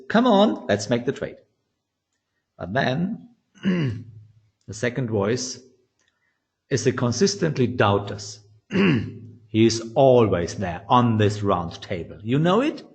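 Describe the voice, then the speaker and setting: A man teaching trading psychology in non-native English, animated and often restarting phrases. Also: medium pitch. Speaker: trading educator. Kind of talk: instructional talk.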